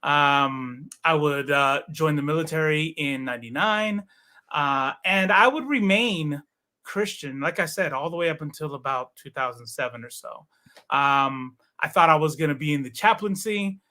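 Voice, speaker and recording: Bright-voiced man telling his story haltingly. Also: fairly high pitch. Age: 40s. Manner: halting, many fillers and restarts. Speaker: podcast guest. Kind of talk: casual interview storytelling.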